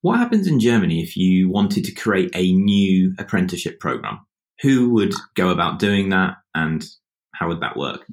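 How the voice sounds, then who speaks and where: A man's voice: low-pitched, very animated, normal speed. A man hosting an interview, reflecting and thinking aloud as he asks questions. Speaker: podcast host. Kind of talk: conversational interview. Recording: roomy echo.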